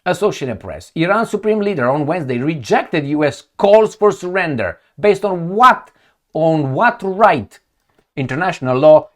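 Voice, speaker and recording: A man giving a heated, profane, sarcastic political commentary, reading news lines aloud and mocking them. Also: a little high. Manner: reads news excerpts aloud, mocks with put-on quotes. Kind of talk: ranting video commentary.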